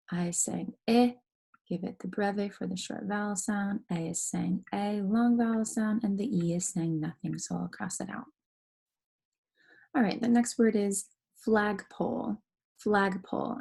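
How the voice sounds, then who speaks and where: Female teacher for a phonics lesson. Husky, slightly gravelly voice, patient step-by-step explaining. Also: mid-range voice, fairly even intonation, mellow. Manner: slow, careful, explaining step by step. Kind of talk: phonics lesson for young students.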